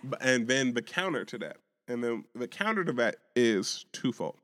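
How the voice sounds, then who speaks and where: A man's voice: mid-range voice, very animated, moderate pace, a bit bright, big-room sound. A man co-hosting a podcast, arguing his point in casual, profane chat and often restarting his sentences. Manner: argumentative, stammering restarts, profane. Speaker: podcast co-host.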